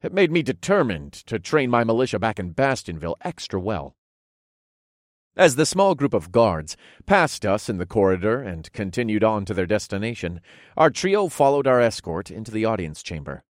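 A man with a low voice narrates a first-person fantasy audiobook, wry and lively, his pitch rising and falling freely. The studio sound is dry, with no room around it. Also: normal speed, no room sound.

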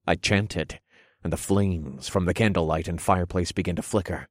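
A man narrating a first-person erotic audio story in a low, measured way. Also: dry recording, clean studio sound.

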